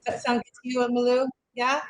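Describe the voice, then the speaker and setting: An upbeat woman hosting an interview over a video call. She talks in a slightly high voice, chatty and loose, often circling back and repeating herself as she lays out what comes next. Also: monotone, fast talker, low-quality recording. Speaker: host.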